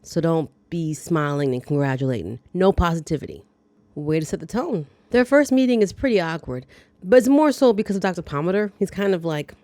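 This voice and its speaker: A woman hosts a casual movie recap, talking through scenes with playful asides and quick reactions. Her voice sits on the lower side. The recording is dry, with no room sound. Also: darkish tone, dry recording. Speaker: movie review host.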